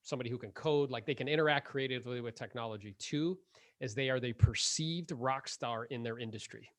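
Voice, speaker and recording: A man's voice: mid-range voice, a little fast, a bit bright, no room sound, studio quality. A man hosting a podcast, chatting casually and animatedly with his guest, laughing often and leaning on "like". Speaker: podcast host. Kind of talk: casual interview chat.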